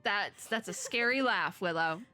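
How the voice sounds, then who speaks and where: A woman streaming a let's play, reading the game's lines and then spilling into tearful, laughing, rambling reactions. Her voice is bright and ringing at a middle pitch, with soft game music under it. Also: measured pace. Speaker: VTuber let's play host.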